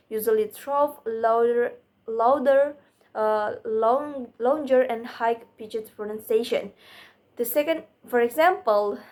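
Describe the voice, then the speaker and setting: A young woman speaks, giving a student presentation on phonetics. She reads at a very slow, deliberate pace, in a slightly high voice, and often trips and restarts her words with small fillers. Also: a little mellow.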